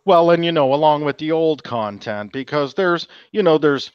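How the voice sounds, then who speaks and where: A man's voice: on the high side, expressive, moderate pace, smooth, dull audio. A man hosting a casual livestream chat, joking and swearing as he tells stories. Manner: crude, joking storyteller. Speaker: host.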